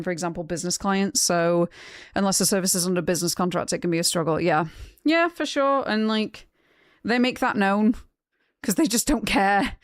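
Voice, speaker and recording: A young woman streaming games, chatting casually with her viewers, frank and quick to laugh. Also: medium pitch, no echo, clean studio sound. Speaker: game streamer. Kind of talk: casual chat with live chat.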